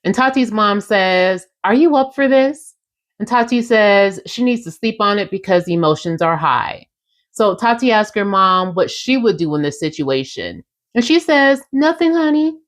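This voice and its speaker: On her relaxed podcast, a young adult woman recaps a reality show in a chatty, sassy manner, performing quotes and speaking right to her listeners. Her medium-pitched voice is expressive and fairly bright, at a normal pace.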